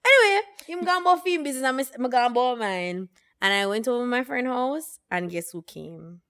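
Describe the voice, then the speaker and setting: A woman's voice: on the high side, a little fast. A woman co-hosting a podcast, telling stories in casual chat with patois and acted-out quotes. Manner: animated storytelling with patois and quoted voices. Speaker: podcast co-host.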